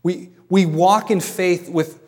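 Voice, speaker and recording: A man's voice: high-pitched, fairly even intonation. Conversational male pastor in a reverberant hall. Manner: conversational, explains with pauses and restarts. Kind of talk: sermon.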